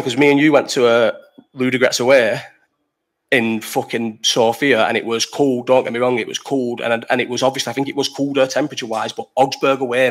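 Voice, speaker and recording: A young man talks very fast on his live chat stream, his voice sitting at an ordinary mid pitch. He rambles, swears casually, and cuts himself off mid-sentence to answer viewers before diving back into the story. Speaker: livestream host.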